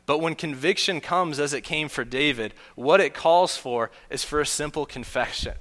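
Bright-voiced male pastor preaching in a hall. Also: on the high side, a little slow. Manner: earnest, storytelling with acted quotes. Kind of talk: sermon. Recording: long hall reverb.

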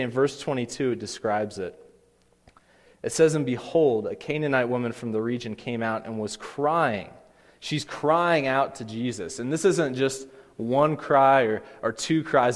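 Guy preaching in church, earnest, mid-pitch voice, long echo off the hall. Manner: earnest, rising to emphatic pleas in quoted lines. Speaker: pastor. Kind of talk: sermon.

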